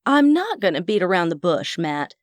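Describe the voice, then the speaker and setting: Blunt earnest businesswoman read by a woman, lively voice, dry close sound. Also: lowish voice, moderate pace, dry recording.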